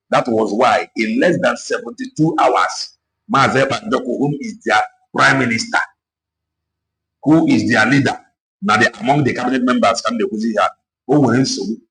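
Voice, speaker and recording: A man's voice: medium pitch, gravelly, fairly bright tone, rough recording. A man giving an impassioned political talk, switching between Igbo and English and repeating himself to drive points home. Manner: mixes Igbo and English, repetitive, exhorting. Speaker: activist speaker.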